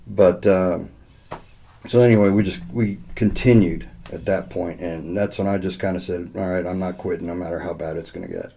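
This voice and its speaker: A man's voice: low voice, steady tone, moderate pace, warm tone. A middle-aged man, a podcast co-host, tells a long heartfelt story in casual chat, rambling with lots of "uh" and quoted back-and-forth. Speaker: podcast co-host leading a school safety program.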